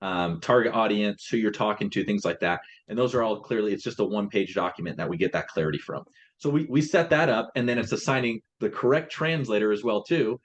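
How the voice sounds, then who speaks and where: A man's voice: lowish voice, lively intonation, brisk, muffled recording. A man in a casual business chat, explaining his translation company's process step by step and often restarting his phrases.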